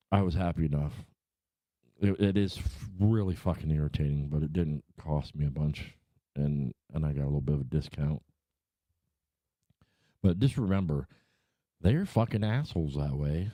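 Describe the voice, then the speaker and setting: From a room at home, a middle-aged livestream host chats and rants casually to his viewers, rambling, worked up and swearing a lot. His deep voice is mellow, with no echo.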